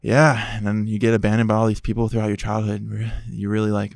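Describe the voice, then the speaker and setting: Podcast guest, male, low gravelly voice, animated testimony storytelling, dry close sound. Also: fast talker, hardly any pauses, no echo. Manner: animated, acts out quoted dialogue.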